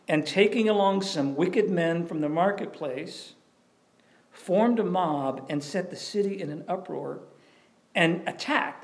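A man preaching a sermon in a conversational, animated way, often asking questions of the audience. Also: high voice. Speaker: pastor.

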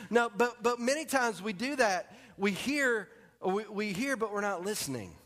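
Joking pastor preaching. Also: male voice, high-pitched, expressive, slow, long pauses. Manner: conversational and joking, drops to quiet emphasis. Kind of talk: sermon.

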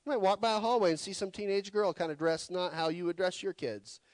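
High-voiced guy preaching to his church, chatty sermon, asks lots of questions, goes loud then real quiet, dry close sound. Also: a little fast, dry recording. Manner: animated, rhetorical questions, wide swings in loudness. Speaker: pastor. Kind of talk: conversational sermon.

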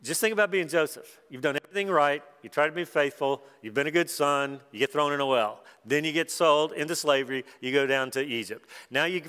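A man's voice: fairly high pitch, fast talker, hardly any pauses, bright, forceful tone, smooth, in a large hall. A man preaching a sermon, retelling a Bible story in a conversational, folksy way with asides.

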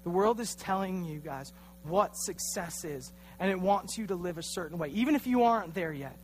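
A man's voice: sits high, expressive, moderate pace, a little hiss or hum. A young man in his twenties giving a casual, self-deprecating youth sermon in a church, telling a funny story and acting out the quotes. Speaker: youth pastor.

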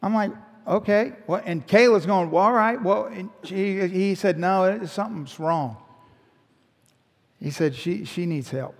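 A middle-aged pastor tells a story during a sermon, animatedly acting out and voicing the characters in it. His voice is high-pitched and gravelly, his pace measured, and the recording carries a long hall reverb.

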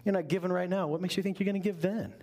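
High-voiced man preaching a sermon. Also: steady tone, racing, a little mellow. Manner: emphatic, conversational preaching. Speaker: pastor.

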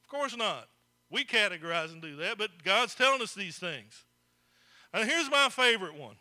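A man's voice: sits high, big pitch swings, normal speed, bright, forceful tone. A man preaching a folksy sermon to his congregation, speaking to them directly. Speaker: pastor. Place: church.

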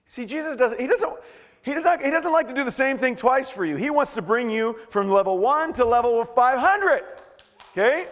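A lively male pastor delivers a sermon with a high, wide-ranging voice that swoops up and down as he acts out scenes. He jokes with the congregation and stammers or shouts for effect. The sound carries a long reverb from a large church hall. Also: normal speed. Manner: animated, jokey, acts out quotes with shouts and stammers.

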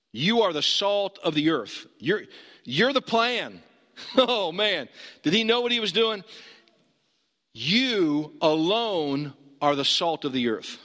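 A pastor delivers a sermon in a fairly high, bright, pushed voice, conversational yet emphatic as he poses questions to his listeners. The recording carries a long hall reverb.

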